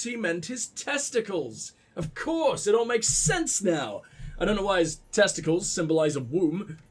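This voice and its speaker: A man hosting a let's play, joking, swearing and poking fun at himself in casual gaming commentary. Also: high voice. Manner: joking, swearing, self-mocking.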